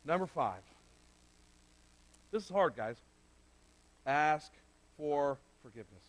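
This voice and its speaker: A man's voice: on the high side, expressive, slow, poor audio. A middle-aged man preaching a sermon in a conversational, direct way, speaking straight to the men in the room. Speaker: pastor. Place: church sanctuary.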